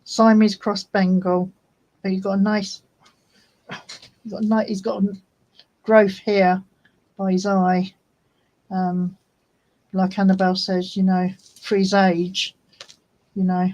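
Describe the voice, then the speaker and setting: A woman's voice: mid-range voice, flat delivery, slow, pauses often, a little mellow, dull audio. A woman hosting a casual livestream chat for her craft channel, homely and chatty. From United Kingdom. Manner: chatty and homely, talks fondly to her cat.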